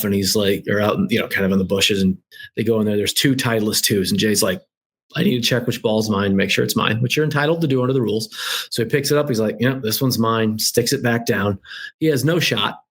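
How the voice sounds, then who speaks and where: Husky man telling a story with gusto. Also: fairly low pitch. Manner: lively anecdotal storyteller, acts out quoted dialogue. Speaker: guest author. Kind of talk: animated storytelling.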